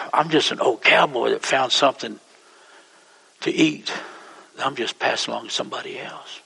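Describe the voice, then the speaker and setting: A man's voice: medium pitch, normal speed, creaky, long pauses, over a noisy crowd, very noisy. A man, preaching a sermon as pastor, telling stories in a folksy, rambling way that repeats itself. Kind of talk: sermon storytelling. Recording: long church reverb.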